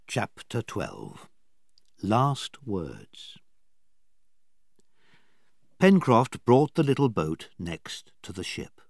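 A man narrating a storybook in a slow, clear and expressive way. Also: deep voice, no echo, studio quality. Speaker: audiobook narrator.

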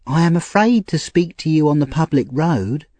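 A male narrator voicing a frightened, troubled young woman in a high, slow, pleading voice for an audiobook. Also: lively intonation, mellow, dry recording. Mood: fearful pleading. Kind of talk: audiobook character reading.

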